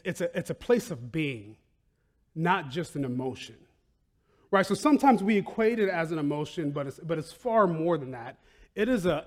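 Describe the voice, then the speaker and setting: Guy pastor preaching, kinda high voice, chatty and animated, keeps saying right?. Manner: animated, bursts into loud excited outcries, laughs often; conversational with frequent "right?" and "like". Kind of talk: sermon.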